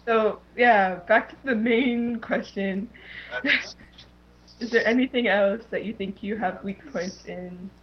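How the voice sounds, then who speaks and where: A woman's voice: mid-range voice, fairly even intonation, takes it slowly, highs cut off. A woman in a casual group chat who laughs easily and asks confused questions.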